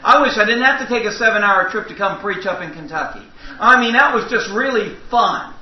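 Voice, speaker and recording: A man's voice: high voice, a little fast. A man preaching a sermon in a church, telling folksy, humorous stories. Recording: echoey hall, distant mic, dull sound.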